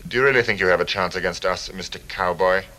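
An actor playing a sophisticated, menacing male terrorist leader with a smooth, disdainful European accent, in a film clip. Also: low-pitched, quick pace, pushed and bright, a little hiss or hum, low-quality recording. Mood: cold, mocking. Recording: film clip with faint background ambience.

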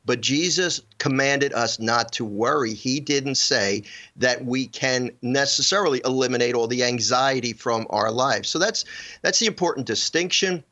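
A man's voice: mid-range voice, normal speed, sharp tone, lo-fi sound. A man guest on a radio show, an author explaining his ideas earnestly. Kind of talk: radio interview.

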